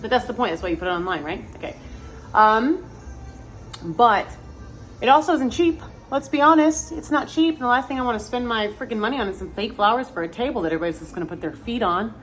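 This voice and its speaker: Speaking fast in a high-ish, expressive voice with faint music behind her, this thirtysomething woman chats from her car around her neighborhood. She rambles, pokes fun at herself, and swears casually, while the car-mounted camera captures plenty of road and engine noise.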